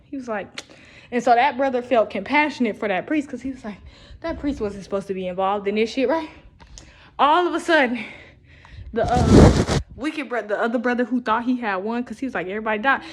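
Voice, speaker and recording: A woman's voice: a little high, fairly quick, noisy background. A young woman, talking in a rambling, profane monologue for a posted video. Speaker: vlogger. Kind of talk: casual recorded video monologue.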